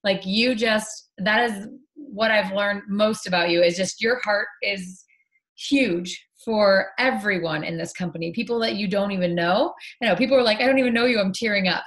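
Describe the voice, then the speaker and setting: A woman's voice: medium pitch, normal speed, a bit bright. A woman interviews a guest on a conference stage. She is effusive and full of praise, and her speech is sprinkled with "like.". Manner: gushing and effusive, lots of "like". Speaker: interview host.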